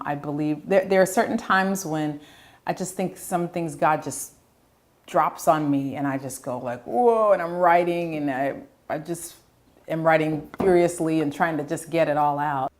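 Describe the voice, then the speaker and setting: A middle-aged woman, a choir director and composer, answering interview questions with heartfelt storytelling. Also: low-pitched. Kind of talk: interview answers, personal stories.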